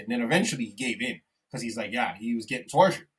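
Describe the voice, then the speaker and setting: A young man co-hosting a podcast in casual, animated chat, swearing often and calling his friend "bro". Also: mid-range voice, very fast, far from the mic. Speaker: podcast co-host.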